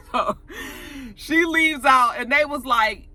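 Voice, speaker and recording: Chatty, bright-voiced woman recapping a show. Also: sits high. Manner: chatty, profane, animated retelling. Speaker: TV episode reviewer. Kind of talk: casual recap vlog.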